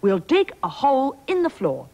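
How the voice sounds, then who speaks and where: A woman's voice: sits high, wildly swooping pitch, moderate pace, a little mellow, pitched above the performer's own voice, exaggerated voice, rough recording. A woman voicing a pompous, stubborn storybook king who blusters and splutters.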